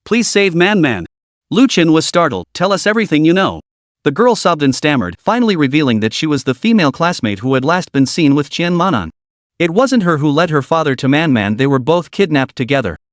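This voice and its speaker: A man narrates a story recap in a steady, even reading voice. His voice sits a little high for a man, and the recording is dry and close, with no room sound around it. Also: a little fast, no room sound.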